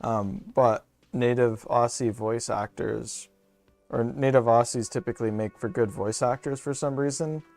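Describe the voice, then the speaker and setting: A man's voice: mid-range voice, fairly even intonation, unhurried, creaky, a little mellow, no room sound, soft background music. A young man from Canada, rambling profanely through casual gaming commentary. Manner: rambling, profane, jokey asides. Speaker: streamer.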